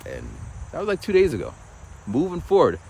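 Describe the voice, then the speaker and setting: A man's voice: fairly high pitch, huge pitch swings, a little fast, darkish tone, slight background noise, poor audio. A man vlogging while walking outdoors, telling a casual story and acting out other people's voices. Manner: storytelling, acts out quoted voices.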